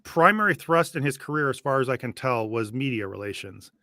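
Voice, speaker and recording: A man hosting a casual reaction chat, talking in an animated, sarcastic way and laughing often. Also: medium pitch, brisk, dry recording, studio quality. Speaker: host.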